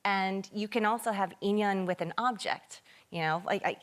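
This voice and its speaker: A woman's voice: mid-range voice, normal speed. A woman actress on a chat show, explaining an idea with little laughs. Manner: explanatory, giggly.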